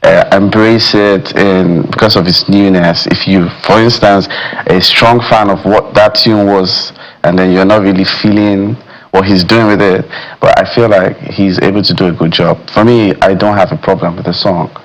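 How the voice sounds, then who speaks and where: A man talks music as a guest critic on a TV studio panel. His voice sits a little low and he muses his way through points, leaning on "you know" as he thinks. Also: steady tone, moderate pace, poor audio. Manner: thoughtful, with many fillers like "you know". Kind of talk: studio discussion. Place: television studio.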